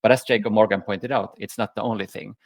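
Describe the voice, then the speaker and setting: Brief: male panel guest, low gravelly voice, measured pace with hesitations, dry room. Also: steady tone, no echo. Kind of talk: conversational panel talk.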